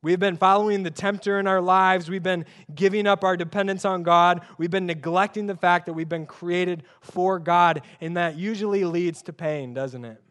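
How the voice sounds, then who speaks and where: Preaching informally, this young pastor uses plenty of rhetorical questions and an emphatic, conversational style. His high voice is clear, resonant and fairly bright, with fairly even intonation, normal speed and few pauses.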